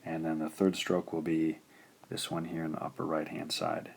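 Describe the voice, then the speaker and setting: A man giving a recorded language lesson. He repeats syllables slowly and carefully, with frequent "uh" fillers. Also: a bass voice, monotone, vocal fry, slightly rough. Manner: slow, careful pronunciation drills with frequent "uh" fillers. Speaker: language teacher.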